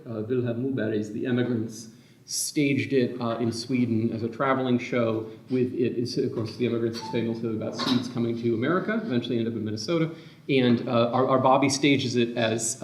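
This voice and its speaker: A man speaking as a literary scholar on a symposium panel, thinking aloud in a meandering way that keeps correcting itself. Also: mid-range voice. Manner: thoughtful, meandering, self-correcting. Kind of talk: academic discussion. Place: lecture room. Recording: distant, muffled, echoey room.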